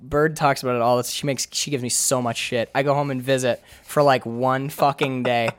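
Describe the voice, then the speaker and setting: A man from Michigan's Upper Peninsula co-hosting a casual film podcast, animated and swearing freely as he raves about movies. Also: medium pitch, normal speed, clear, resonant tone, no room sound. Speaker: podcast co-host.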